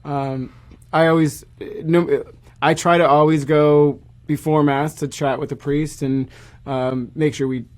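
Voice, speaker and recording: A Catholic church musician chatting casually on a podcast, easygoing with frequent fillers. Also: male voice, fairly high pitch, little pitch movement, measured pace.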